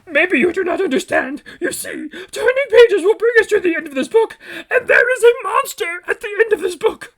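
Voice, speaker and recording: A man's voice: very high-pitched, lively intonation, moderate pace, fairly bright tone, voice pushed up, exaggerated voice. A man voicing a lovable, anxious old male furry monster in a children's storybook read-aloud, pleading frantically in formal speech without contractions.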